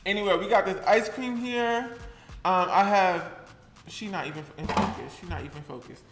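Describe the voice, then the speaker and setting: A young cooking vlogger chats sassily to the camera while he cooks, playful and easygoing, even talking to his things. His voice is high with a moderate pace, and the sound is roomy with music underneath.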